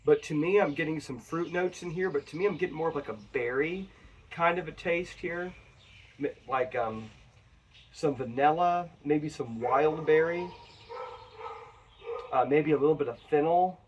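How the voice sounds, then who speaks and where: A man's voice: a little high, moderate pace, a little hiss or hum. A man talking to his viewers in a rambling, chatty whiskey review. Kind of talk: casual review vlog. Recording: voice a bit far from the mic.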